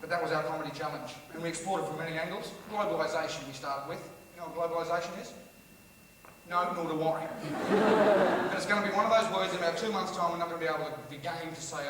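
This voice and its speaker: Recorded from a distance in a large, echoey music hall, this slightly high male voice comes through noisy background and loud laughter. He's an Australian stand-up comedian, brash and swearing, ribbing the live crowd.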